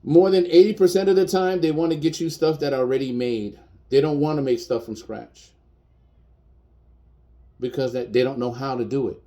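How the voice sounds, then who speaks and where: A man's voice: medium pitch, normal speed, dark tone. A man in his fifties, a chef, speaking bluntly and defiantly in a personal video rant, repeating his points for emphasis. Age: 50s.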